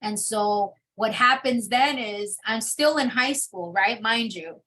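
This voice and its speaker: A young adult woman telling her personal testimony in an interview, in a casual, animated storytelling manner. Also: a little high, slow. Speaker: interview guest.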